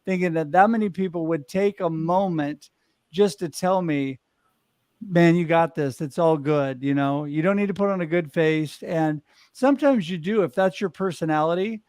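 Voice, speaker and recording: A man's voice: on the high side, darkish tone, dry recording, studio quality. A middle-aged man hosting a casual panel chat over a video call, upbeat and telling stories about himself with self-deprecating humor. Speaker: host.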